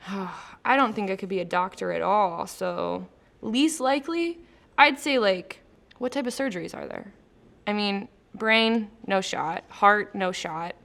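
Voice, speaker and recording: A woman's voice: medium pitch, measured pace, gravelly, fairly bright tone. A woman in a casual interview, chatty and laughing easily, explaining her post-production job between light questions. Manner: chatty, laughing, filler-heavy. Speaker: post-production traffic manager, interview guest. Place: company studio.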